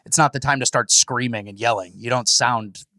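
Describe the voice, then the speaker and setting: A man's voice: mid-range voice, moderate pace, pushed and bright, no echo. A man co-hosting a casual podcast, talking in a mocking, rambling way. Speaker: podcast co-host. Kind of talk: casual commentary chat.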